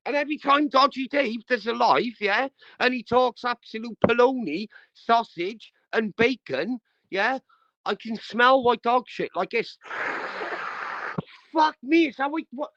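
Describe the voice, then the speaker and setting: Streamer host, male, high voice, coarse aggressive rant, dull dry audio. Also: measured pace, bright, forceful tone, dry recording. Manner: crude, aggressive, repetitive slang-heavy ranting. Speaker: livestream host. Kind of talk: ranting livestream commentary.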